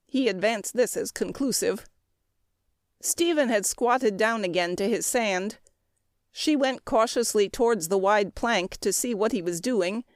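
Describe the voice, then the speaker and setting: A female audiobook narrator reads a classic story in a measured, expressive way. Her voice sits in the mid-range, and the studio-quality recording has no room sound.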